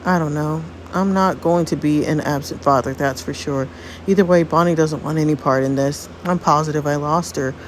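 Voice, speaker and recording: A woman's voice: deep voice, normal speed, slight background noise, natural voice, low-quality recording. A woman voicing a teenage boy who is anxious and blames himself over becoming a father. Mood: distraught. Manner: distressed, self-blaming.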